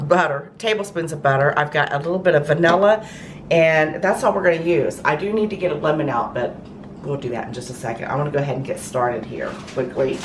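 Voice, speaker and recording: A middle-aged woman hosting a casual home cooking demonstration in her kitchen, chatty, with frequent ums and restarts. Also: low-pitched. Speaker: cooking show host. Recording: roomy echo, mic far off, noisy.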